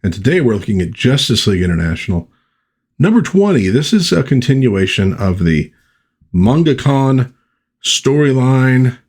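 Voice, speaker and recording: A man's voice: mid-range voice, big pitch swings, moderate pace, a little mellow, husky. A man hosting a casual comic book review, chatty and rambling, with frequent asides.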